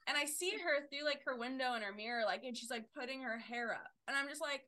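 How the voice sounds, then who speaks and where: Young woman, bright tense voice, lively sweary storytelling, dry close sound. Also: high voice, fairly quick, hardly any pauses, no room sound. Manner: animated storytelling, swears freely, loud outbursts. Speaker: podcast co-host. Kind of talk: casual chat.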